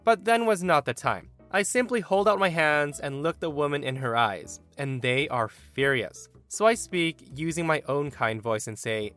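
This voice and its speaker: A man narrating a Reddit story aloud in an animated, expressive way. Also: on the high side, moderate pace, few pauses, faint music behind.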